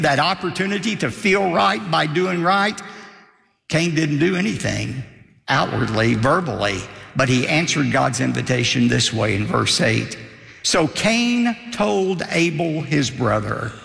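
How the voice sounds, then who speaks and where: Older male pastor, gravelly, swooping animated delivery, echoing hall. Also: on the high side. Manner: emphatic preaching with dramatic rises and drops. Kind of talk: sermon.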